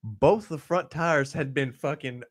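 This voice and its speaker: A man's voice: a little high, measured pace, no echo. Male podcast host, loose and profane storyteller, voices the other people in his story, dry close mic. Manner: animated, profane, acts out quotes with laughter. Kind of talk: casual storytelling.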